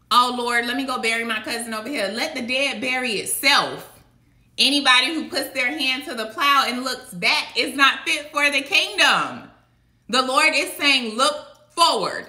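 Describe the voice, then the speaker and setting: Woman, colloquial devotional preacher; sharp, bright tone; recorded in a roomy space. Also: high-pitched. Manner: emphatic, colloquial, rhetorical. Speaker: online preacher. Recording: echoey room.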